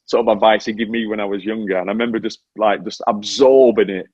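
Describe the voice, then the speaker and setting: A man's voice: lowish voice, fast, slightly rough, no room sound, muffled recording. A British man in his forties, a former motorcycle racer, chatting animatedly as an interview guest over a remote link. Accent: British English. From Britain. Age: 40s. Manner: animated, self-deprecating storytelling. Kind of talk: casual interview chat.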